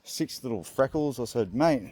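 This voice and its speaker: A man's voice: mid-range voice, lively intonation, moderate pace, warm tone, no room sound. A young Australian man rambling through a comedic vlog, crude and joking, often laughing. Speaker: vlog host.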